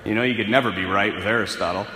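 A man's voice: on the low side, steady tone, rapid-fire, pushed and bright. A man preaching a sermon, speaking emphatically and repeating words to build toward a point. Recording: echoey hall with long reverb.

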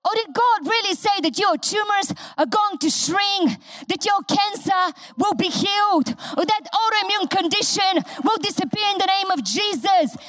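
A woman pastor with a high voice and a non-native English accent preaches with fervor, hammering key phrases again and again. She is middle-aged, and her voice sounds close and dry. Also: normal speed, fairly bright tone, dry recording. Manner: impassioned preaching, repeats phrases for emphasis. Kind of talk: sermon.

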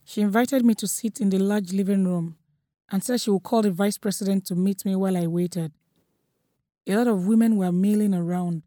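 A woman's voice: medium pitch, fairly even intonation, moderate pace, mellow, no echo, studio quality. Nigerian woman reading a story. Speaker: narrator. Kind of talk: first-person story reading.

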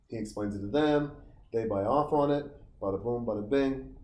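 Speaking at normal speed in a slightly mellow, medium-pitched voice, a Montana man in his forties tells wandering, profanity-laced stories. He's outdoors on a summer vacation, and the recording sounds roomy with faint ambience.

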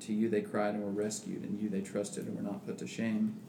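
A man's voice: on the low side, little pitch movement, fairly quick, creaky. A man in casual religious discussion who talks thoughtfully with many restarts and reads scripture aloud. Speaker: podcast co-host. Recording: echoey room with background noise.

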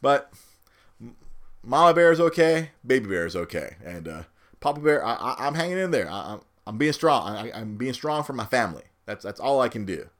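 A man's voice: medium pitch, big pitch swings, a little fast. A man in his thirties, a new father, talking casually and rambling, repeating words as he goes and often laughing at himself. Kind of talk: casual chat.

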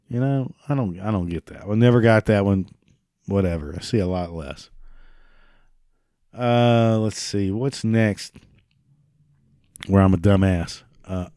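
A man's voice: lowish voice, dark tone, smooth, dry recording, studio quality. A man ranting in a sarcastic, mocking, profane monologue. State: prone to coughing fits.

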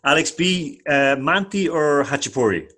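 A man's voice: on the high side, expressive, normal speed, bright, forceful tone. A man hosting a sports discussion panel, talking with many fillers and restarts. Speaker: host.

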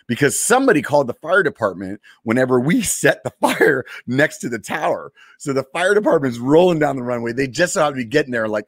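A man in his forties, a military veteran, casually telling a story from his service, laid-back and profane with lots of fillers and pauses. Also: medium pitch, no echo, clean studio sound.

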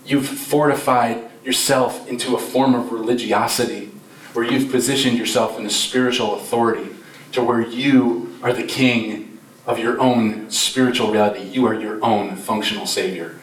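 A man's voice: fairly low pitch, fairly even intonation, moderate pace. A male pastor preaching a Christmas sermon with passion, his voice swelling and dropping for emphasis. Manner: impassioned, rises and drops in volume for emphasis. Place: church sanctuary. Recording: roomy church sound from a distant mic.

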